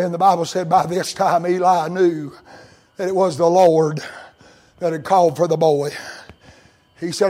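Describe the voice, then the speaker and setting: A man preaching a sermon as a story, rising to cries and dropping to hushed tones. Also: fairly high pitch, fairly even intonation, normal speed, pauses often, low-quality recording. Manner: dramatic, swings between loud cries and hushed near-whispers.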